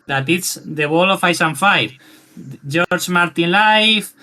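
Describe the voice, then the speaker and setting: A man's voice: sits high, slow, bright, forceful tone. A man from Spain with a Spanish accent, a guest on a live fan stream, talking effusively with many restarts and switching between French and English. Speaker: guest, fan website administrator. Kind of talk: casual live-stream chat.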